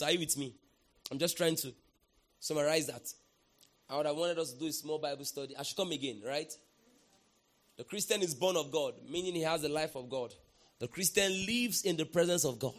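A man with a fairly high voice preaches a sermon in an emphatic way. He keeps asking the congregation to answer back and breaks into sudden shouts. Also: normal speed. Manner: emphatic, calls for congregation response, bursts into shouts. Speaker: pastor.

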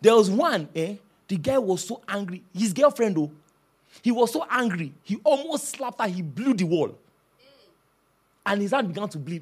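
Lively high-voiced male preacher. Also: normal speed, slightly rough. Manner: animated storytelling, shouting and laughing. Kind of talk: sermon.

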